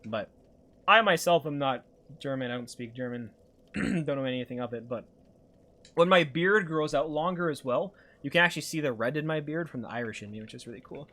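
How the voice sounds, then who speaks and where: A man's voice: medium pitch, expressive, a little fast, pushed and bright. A young man from Alberta with a light Canadian accent, casually chatting with his stream chat while playing a game and reading questions aloud. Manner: rambling, reads chat aloud and answers it. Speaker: live-streamer.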